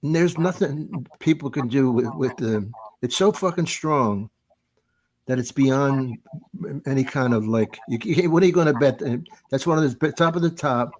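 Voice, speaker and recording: An older man hosting a comedy podcast, rambling through stories with halting restarts and put-on voices. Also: mid-range voice, darkish tone. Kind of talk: casual comedy podcast chat.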